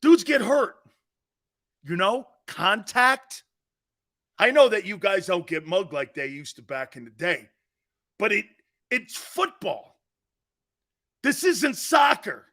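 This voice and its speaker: A man hosting a sports talk show, ranting loudly in a mocking tone and laughing often. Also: high-pitched, big pitch swings, measured pace, long pauses. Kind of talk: sports opinion rant.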